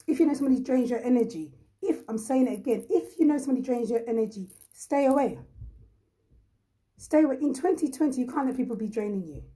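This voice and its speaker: A woman's voice: fairly high pitch, expressive, rapid-fire, dark tone, poor audio. A woman host from Ghana in casual live chat, blunt and emphatic, repeating her points and reading viewers' comments aloud.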